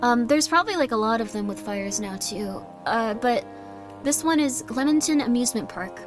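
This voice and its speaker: A woman's voice: a little high, lively intonation, normal speed. Woman streamer rambling over faint music. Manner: rambling, reads chat messages aloud and answers them. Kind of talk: casual livestream chat.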